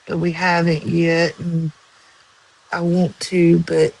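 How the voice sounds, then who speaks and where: A woman's voice: fairly low pitch, completely flat delivery, vocal fry, a little mellow, low-quality recording. A woman chatting casually and rambling to viewers on a live stream. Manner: slow, rambling, with many ums and likes.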